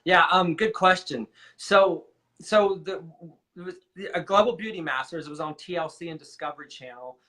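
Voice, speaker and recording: A man's voice: a little high, moderate pace, bright, forceful tone, low-quality recording. A man telling stories in a casual interview as a guest nail technician, chatty, repeating words and acting out what others said.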